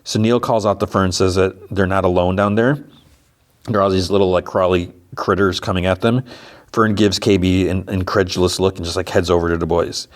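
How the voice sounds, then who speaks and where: A man with a low voice hosts a podcast and walks through an episode's plot. He talks casually, leaning on fillers as he goes. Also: fairly even intonation, brisk. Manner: casual, filler-heavy storytelling. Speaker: podcast host.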